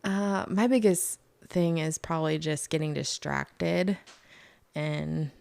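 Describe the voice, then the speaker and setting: A woman's voice: deep voice, steady tone, takes it slowly, gravelly, darkish tone, dry recording. A young woman co-hosting a podcast, talking in an easygoing, conversational way with frequent fillers. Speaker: podcast co-host. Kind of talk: casual chat.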